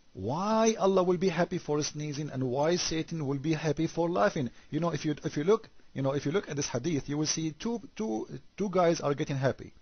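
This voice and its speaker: A man giving a sarcastic critical commentary monologue, firing off rhetorical questions and stumbling into halting repetitions. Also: fairly high pitch, husky, dry recording, muffled recording.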